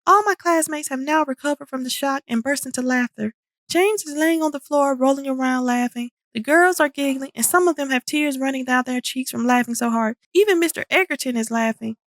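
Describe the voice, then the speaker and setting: High-voiced woman reading a children's book. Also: fairly quick, a bit bright, no room sound, clean studio sound. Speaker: storybook reader. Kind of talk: children's book read-aloud.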